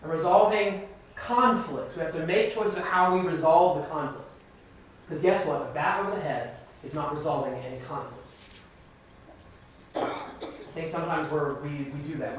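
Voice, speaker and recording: A minister teaching a Bible class, emphatic and conversational, asking the class questions. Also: male voice, a little high, normal speed, long pauses. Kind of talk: interactive Bible class sermon. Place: church classroom. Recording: echoey room from far off, faint noise.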